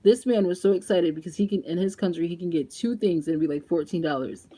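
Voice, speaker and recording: A young woman chatting casually in a makeup vlog, animated and laughing often as she talks straight to her viewers. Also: fairly low pitch, quick pace. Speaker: beauty vlogger.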